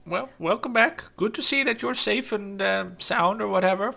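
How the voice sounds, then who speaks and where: Man putting on a fussy little dwarf lady, squeaky high falsetto, chatty. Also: moderate pace, vocal fry, bright, forceful tone, soft background music, full character voice. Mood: cheerful. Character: chirpy short old dwarf woman, cat lover.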